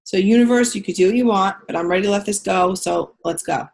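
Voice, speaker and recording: A woman's voice: medium pitch, quick pace, creaky, a little mellow. A woman coaching a caller on a video call, talking in a direct, frank way and swearing casually. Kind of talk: coaching session on a group call.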